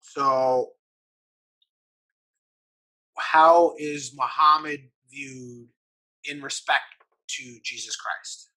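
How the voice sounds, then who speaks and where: A man's voice: mid-range voice, steady tone, extremely slow, pauses often, bright, forceful tone, poor audio. A man hosting an interview, asking short, curious questions. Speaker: interviewer and host.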